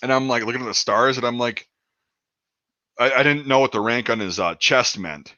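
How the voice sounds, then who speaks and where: Swearing man telling a story, bright lo-fi. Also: medium pitch, normal speed, no room sound. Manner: rambling, swears a lot, acts out quotes. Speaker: podcast host. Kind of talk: casual chat, telling a war story.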